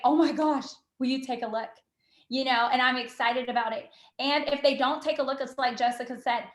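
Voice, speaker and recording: A woman giving an enthusiastic motivational talk on a team call, bubbly and quick, full of "you know" and "literally". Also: sits high, fairly bright tone, reverberant. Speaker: team call guest speaker.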